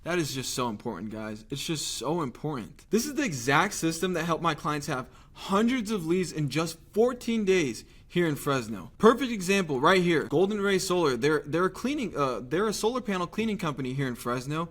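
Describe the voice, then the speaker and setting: A young man talking straight to the viewer in a lively, conversational sales pitch, tossing out rhetorical questions. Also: normal speed, hardly any pauses. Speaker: marketing agency owner pitching local businesses. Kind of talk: direct-to-camera sales pitch.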